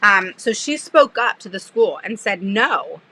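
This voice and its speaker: Bright-voiced, animated woman advocate. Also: medium pitch, normal speed, low-quality recording. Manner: animated storytelling, sarcastic, laughs often. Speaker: special education advocate. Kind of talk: casual live-stream chat.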